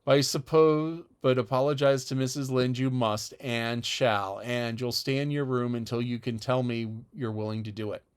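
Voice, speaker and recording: A man's voice: mid-range voice, steady tone, clean tone, lightly acted. A man voicing a stern middle-aged woman guardian in an audiobook, speaking dryly and with severity. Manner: dry, severe, measured. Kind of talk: audiobook character voice.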